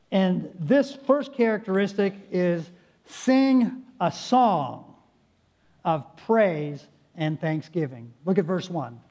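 A man's voice: high voice, a little mellow. A man preaching a sermon as pastor, speaking earnestly and appealing directly to his congregation in a church sanctuary.

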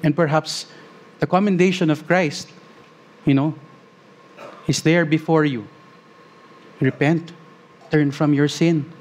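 A man preaching a sermon as pastor, earnest, slowing on key phrases and rising as he reads scripture aloud. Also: a little high, steady tone.

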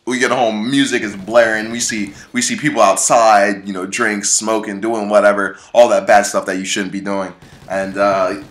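A man's voice: fairly low pitch, little pitch movement, normal speed. A young man from Florida telling a story in a casual, rambling, slangy way, full of restarts. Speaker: vlogger. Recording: echoey room.

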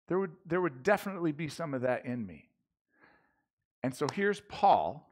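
A man preaching a casual sermon in church, talking loosely with slang and frequent restarts. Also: a little high. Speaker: pastor. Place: church sanctuary.

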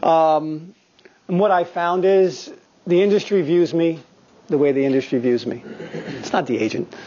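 A man's voice: a little high, normal speed. A man in his fifties, a guest actor telling candid, profane stories to acting students in a studio. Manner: profane, animated storyteller. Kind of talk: candid anecdotal talk. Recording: slightly dull lo-fi recording.

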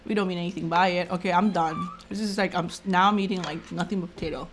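A woman's voice: fairly low pitch, steady tone, fast talker, noisy background. A mother in her thirties hosting a casual mukbang chat, chatty and teasing, laughing often. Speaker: channel host and mother.

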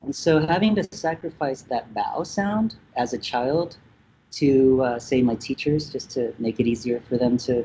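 A man's voice: medium pitch, warm tone, a little hiss or hum. Thoughtful Vietnamese-born man, dull remote audio. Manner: thoughtful, hesitant with many fillers. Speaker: musician guest. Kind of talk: casual interview talk.

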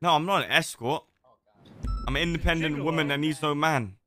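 A man voicing a brash police officer in improvised game role-play, giving cheeky deadpan answers. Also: fairly high pitch, a little fast, over music, lightly acted. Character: brash male police officer facing a press grilling.

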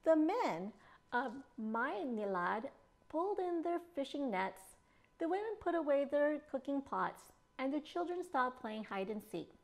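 Slow, animated woman reading a picture book. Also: high-pitched. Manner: slow, expressive storytelling. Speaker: children's librarian. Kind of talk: storytime read-aloud.

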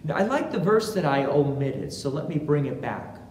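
A pastor preaching a sermon in a church, speaking slowly and deliberately and acting out quotations with animation. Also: medium pitch, very animated, a little mellow, slight background noise. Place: large church sanctuary. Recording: echoey church hall with long reverb, faint ambience.

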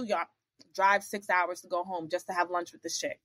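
A woman's voice: normal speed, dry recording. A young woman telling a story casually on a podcast, acting out the people she quotes with big jumps in her voice. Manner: animated, acts out quoted dialogue with big pitch jumps. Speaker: podcast guest.

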